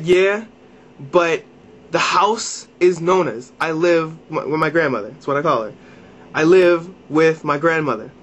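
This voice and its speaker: High-voiced young man ranting. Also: fairly bright tone. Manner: exasperated, profane, repeats and restarts phrases. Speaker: vlogger. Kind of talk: ranting to camera.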